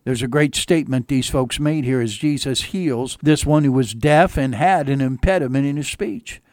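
A man's voice: medium pitch, normal speed, darkish tone, dry recording, studio quality. A man preaching as a pastor on a radio sermon, folksy and earnest, repeating phrases for emphasis.

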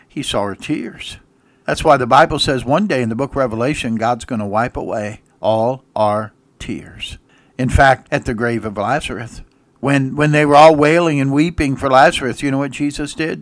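A male pastor preaching a sermon, swinging from loud emphatic peaks down to soft, low passages as he reads and explains scripture. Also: no room sound. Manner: reads scripture aloud in King James wording.

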